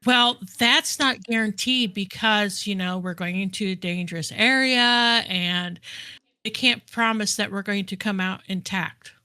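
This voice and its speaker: A woman with a bright, sharp voice at a tabletop game, blunt and teasing. Dry, close sound. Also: medium pitch, unhurried, clean tone, no echo. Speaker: player. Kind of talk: tabletop role-play chat.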